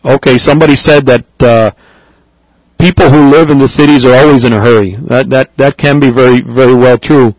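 A man teaching a language class, patiently explaining and repeating phrases slowly for his students. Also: mid-range voice, fairly even intonation, no room sound, dull audio. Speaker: Spanish teacher.

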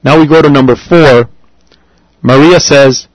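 A man teaching a language class, patiently explaining and repeating phrases slowly for his students. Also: medium pitch, no echo, rough recording. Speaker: Spanish teacher.

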